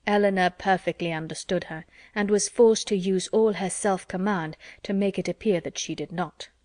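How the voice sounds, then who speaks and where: A woman narrating a classic novel as an audiobook in a measured, even reading. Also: medium pitch, no echo, studio quality.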